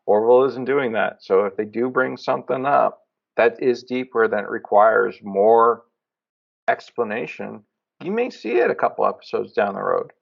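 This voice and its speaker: A man co-hosting a podcast, chatting casually and telling rambling, excitable stories. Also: on the low side, normal speed, creaky. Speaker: podcast co-host. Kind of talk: casual chat. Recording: dull lo-fi sound.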